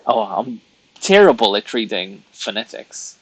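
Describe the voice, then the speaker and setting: Man, live streamer, casual rambling chat, unhurried, slightly breathy voice. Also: mid-range voice, fairly bright tone, no room sound, rough recording. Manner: chatty, rambling, laughs at himself.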